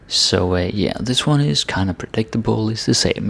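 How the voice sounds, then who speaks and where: A man teaching a grammar lesson, explaining in a relaxed, conversational way. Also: on the low side, moderate pace, vocal fry, few pauses. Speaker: language teacher.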